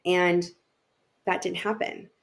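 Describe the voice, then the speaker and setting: Speaking slowly in a lowish voice with little pitch movement, a woman who works as a family therapist shares her own story on a podcast. She's open and full of feeling, voicing her past thoughts as she candidly recounts them.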